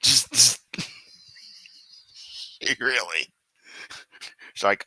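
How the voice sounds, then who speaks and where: A man's voice: on the low side, animated, a little slow, sharp tone, no room sound. A man hosting a reaction commentary, talking back to clips with sarcasm and rambling asides.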